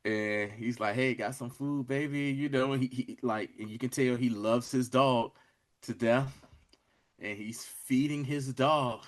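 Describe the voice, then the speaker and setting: A young podcast co-host speaks in a mid-range voice with fairly even intonation and a slightly slow pace. He's casually recapping a show, animatedly retelling its scenes with slang and acted-out lines.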